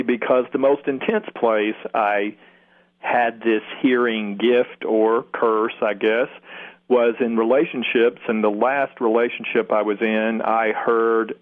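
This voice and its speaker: A man from Kentucky with a Southern accent, talking reflectively in an interview, with many restarts. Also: mid-range voice. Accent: Southern American. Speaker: guest healer. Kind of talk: interview answers. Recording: phone-line radio sound.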